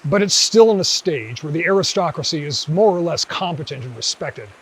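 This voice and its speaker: A man, the host of a video essay channel, narrating a scripted commentary in a measured, dryly wry way. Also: fairly high pitch, animated, a little hiss or hum, low-quality recording.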